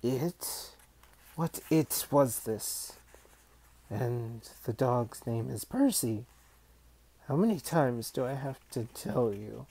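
A man reading aloud and voicing an impatient, croaking, wheezy ancient old man with a drawn-out delivery. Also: medium pitch, animated, dark tone, heavily acted.

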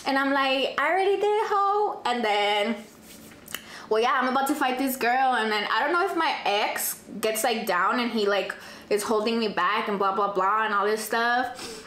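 A young woman, telling a dramatic storytime in casual chat, profane and animated, dropping in Spanish phrases. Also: fairly high pitch, moderate pace, slight background noise. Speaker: vlogger. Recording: echoey room, faint ambience.

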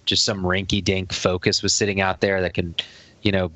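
A man's voice: sits low, flat delivery, normal speed, sharp tone, no echo. A man with a New Jersey accent co-hosting a podcast, chatting casually and rambling with lots of filler words. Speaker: podcast co-host. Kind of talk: casual chat.

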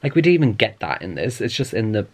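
A man's voice: fairly low pitch, very animated, fast. Chatty, sarcastic man in an echoey room. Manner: chatty, sarcastic, laughs often. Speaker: book vlogger. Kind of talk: casual reading vlog.

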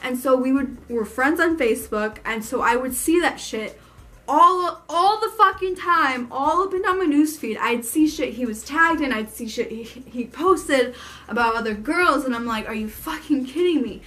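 A woman's voice: high voice, lively intonation, normal speed, fairly bright tone. A young woman telling a personal story on her vlog, frank and emphatic, swearing freely. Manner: frank and profane, lots of swearing; fired up and emphatic. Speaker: vlogger.

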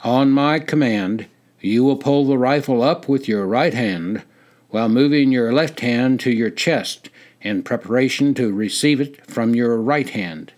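A stern, commanding drill sergeant, put on by an older male storyteller, lays out each rifle movement slowly and firmly. His delivery is loud and instructive, with an even, medium-pitched voice that leaves no room for questions. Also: natural voice. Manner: firm, instructive, louder than narration.

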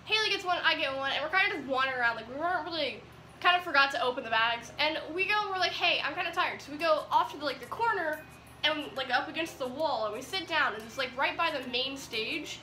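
A high-voiced teenage girl rambles giddily through a vlog story, packing her sentences with "like". Her tone is bright and sharp. The room rings with echo, and faint music plays behind her. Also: expressive, fast, slight background noise. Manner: giddy, rambling with many "like"s. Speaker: vlogger. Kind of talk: excited storytime chat.

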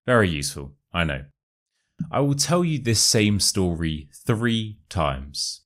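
Young british guy with a modern RP accent, talks real slow and clear like a teacher. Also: fairly low pitch, very animated. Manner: slow, carefully enunciated and friendly.

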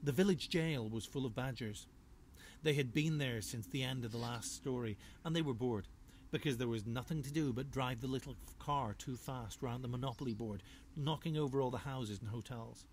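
A children's author, a man, reading his storybook aloud in a lively, rhythmic, playful way. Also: mid-range voice, moderate pace, slight background noise. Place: home.

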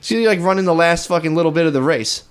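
A man's voice: on the high side, fast talker, smooth. A man co-hosting a comedy podcast, chatting casually with lots of swearing, rambling asides and laughter. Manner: profane, rambling, laughs often. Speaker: podcast co-host.

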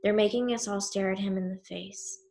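A woman telling a story in the first person, slow and grave with weighty pauses. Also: mid-range voice, fairly even intonation, creaky, dark tone. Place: synagogue event.

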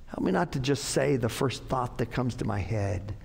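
A man's voice: mid-range voice, lively intonation, normal speed, gravelly, darkish tone, breathy edge. A man pastor giving an earnest, conversational sermon in a church, repeating his phrases for emphasis. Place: church sanctuary. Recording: long church-hall reverb.

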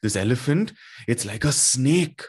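A man's voice: medium pitch, expressive, unhurried, a little mellow, breathy edge, voice pushed up. A man doing a frightened blind man. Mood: uneasy. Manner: alarmed cry.

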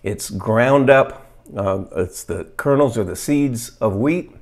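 A man vlogging, earnestly explaining and demonstrating a fermented food to camera, reading study excerpts aloud and pausing on fillers. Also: medium pitch. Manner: earnest, plain-spoken, pauses with fillers. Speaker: health vlogger.

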